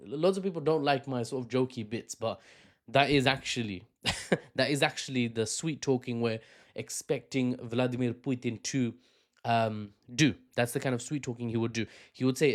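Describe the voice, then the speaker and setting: A man's voice: medium pitch, normal speed. A man hosting a political commentary vlog, talking in a conversational, opinionated way with asides and self-corrections. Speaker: news commentary host.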